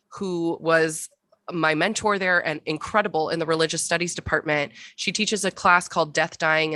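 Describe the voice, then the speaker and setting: A woman with a very low yet sharp, forceful tone hosts a book club chat. She speaks earnestly and with rising passion. Her voice sounds dry, with no room echo. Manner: earnest and impassioned. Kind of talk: casual conversation.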